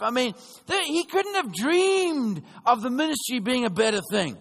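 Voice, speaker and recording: A man preaching a sermon, telling a story in a chatty, animated way and often checking in with his listeners. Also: extremely high pitch, normal speed, gravelly. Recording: long reverb of a large hall.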